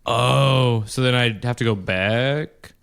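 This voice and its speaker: A man's voice: medium pitch, slow pace, gravelly, a bit bright, clean tone. A man co-hosting a podcast, chatting casually and asking lots of curious questions. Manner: curious, asks many questions. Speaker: podcast co-host. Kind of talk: casual chat.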